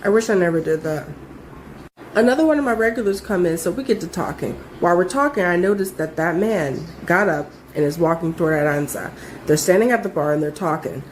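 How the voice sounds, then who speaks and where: A young adult woman telling a story in a casual, animated way, full of swearing and emphasis. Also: on the low side, a little fast, a little hiss or hum.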